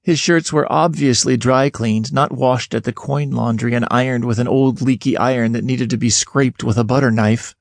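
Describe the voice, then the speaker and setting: A man narrating an audiobook in the first person, expressive and lifting his pitch sharply on questions, recorded close in a studio booth. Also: normal speed, vocal fry, few pauses, no echo.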